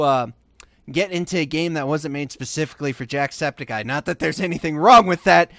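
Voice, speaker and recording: A young man hosting a gaming video, giving casual gameplay commentary and swearing and yelling at the game as he plays. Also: sits high, no echo. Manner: excitable, swears and yells at the game.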